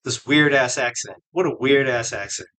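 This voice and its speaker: A man's voice: mid-range voice, normal speed, bright, forceful tone. A male host giving casual ranting commentary, mocking and profane, full of slang.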